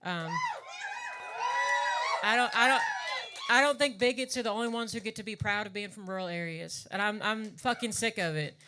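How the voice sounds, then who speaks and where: On a live music venue stage, a singer and drag performer from Southwest Virginia chats between songs, her medium-pitched woman's voice at a normal speed and carrying an Appalachian accent. She rambles in a folksy way, says "y'all," and swears for emphasis. Crowd noise and other background noise fill the clip.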